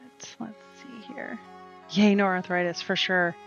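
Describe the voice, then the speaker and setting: Streaming a cozy game, this woman chats in a loose, wandering way and responds to the on-screen characters. Her mid-range voice is fairly bright, her pace measured and her intonation mostly even. Faint game music plays under dull, lo-fi stream audio.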